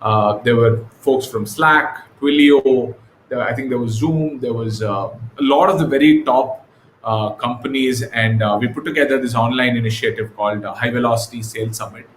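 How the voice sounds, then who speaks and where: A man chatting as an interview guest, recounting events in a loose, unhurried way, full of "uh" and "um" and restarts. His voice sits at an everyday middle pitch. The room around him echoes noticeably, with a faint hiss underneath. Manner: relaxed, many fillers and restarts. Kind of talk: casual conversational storytelling.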